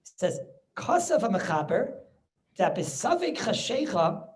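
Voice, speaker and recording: A man's voice: high voice, big pitch swings. A man, a rabbi, giving a Talmud lecture over a video call, often restarting his words and checking whether listeners follow. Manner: keeps checking listeners with quick questions; repeats words and restarts as he goes. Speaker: rabbi teaching a class.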